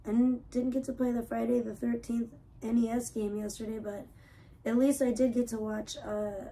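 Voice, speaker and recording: A woman's voice: fairly high pitch, level tone, normal speed, warm tone. A woman live streamer chatting casually from her home computer room, swearing freely as she talks. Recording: echoey room, mic at a distance, faint hiss.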